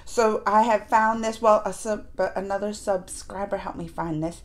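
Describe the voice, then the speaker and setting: A woman hosting a review channel, recapping episodes to viewers in a chatty, animated way and acting out characters' lines. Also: mid-range voice, moderate pace. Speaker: reaction and review channel host. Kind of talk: casual recap chat to viewers.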